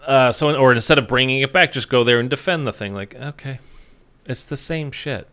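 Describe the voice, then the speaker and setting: A man's voice: mid-range voice, brisk, bright, forceful tone. Tired male gaming YouTuber, loose rambling commentary to his viewers, mid-range voice. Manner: rambling, frequent fillers, sweary. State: sleepy, short on sleep.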